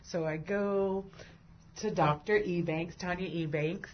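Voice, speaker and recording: A woman's voice: lowish voice, steady tone, slow, dull audio, a little hiss or hum. A woman host and breast cancer survivor who tells her own story, laughing and tearing up easily. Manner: emotional, laughs and cries easily. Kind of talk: emotional conversation.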